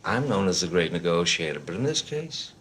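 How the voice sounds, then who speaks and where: An actor playing a brash, boastful middle-aged tycoon with a New York accent, bragging and interrupting in a parody comedy film. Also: male voice, deep voice, sing-song, brisk, fairly bright tone, a little hiss or hum. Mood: bossy. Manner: bragging, bossy, interrupts constantly.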